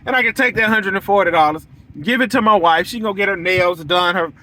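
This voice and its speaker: A man's voice: high-pitched, fast talker, pushed and bright. A young man who runs a lawn care business, talking straight to his viewers in a blunt, preachy, repetitive way. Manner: preachy, repetitive, blunt, acts out quoted lines. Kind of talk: casual monologue to the audience.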